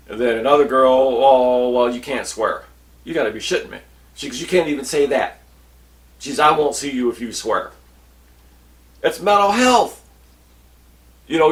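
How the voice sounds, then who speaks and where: A man's voice: medium pitch, fairly bright tone, recorded from a distance. Blunt, swearing older man, a bit off-mic. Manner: blunt, swearing, acting out quoted dialogue. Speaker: veteran vlogger. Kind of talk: casual storytelling rant.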